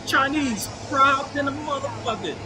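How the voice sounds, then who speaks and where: A man with a high-pitched voice rants through profane, scornful commentary on a video clip, mocking and laughing as he goes. Clear background noise sits under his voice. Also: moderate pace. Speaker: vlogger commenting on news footage.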